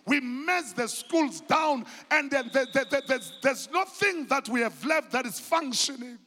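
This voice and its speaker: A South African man preaching a sermon as pastor, passionate and swinging between hushed and shouted delivery, slipping in Zulu phrases. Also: very high-pitched, lively intonation, unhurried. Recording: long hall reverb.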